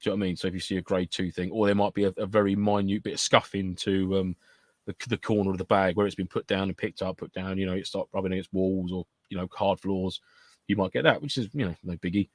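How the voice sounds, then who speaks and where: A British man talks quickly in a low voice, co-hosting a casual podcast. He repeats himself and strings everything together with "you know". The sound is close and dry. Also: fairly even intonation, no room sound. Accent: British English. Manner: rapid, chatty, full of "you know" and repeats. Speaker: podcast co-host. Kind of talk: casual chat.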